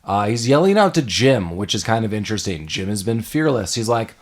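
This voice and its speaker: A man hosting a casual podcast discussion of a film, animated and quick to laugh, often acting out lines from scenes. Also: lowish voice. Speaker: podcast host.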